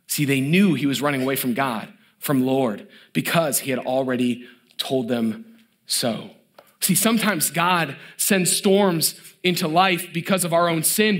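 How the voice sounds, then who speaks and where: A middle-aged man preaching a sermon as pastor, who acts out the story's characters in a lively way and turns soft and hushed when he stresses mercy. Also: a little high. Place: church.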